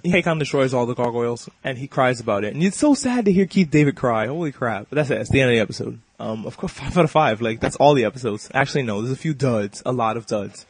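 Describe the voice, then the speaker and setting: A man hosting a podcast, recapping an episode in a casual, excitable and profane way, acting out the characters' lines as he goes. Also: mid-range voice, quick pace, husky, no room sound. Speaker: podcast host.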